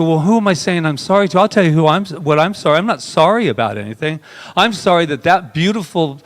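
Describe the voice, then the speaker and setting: A male minister preaching a sermon in a slightly high voice, and the sound rings out with a long reverb across the hall. He talks intimately and emotionally, dropping to soft murmurs and rising into sudden bursts. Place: spiritual center sanctuary.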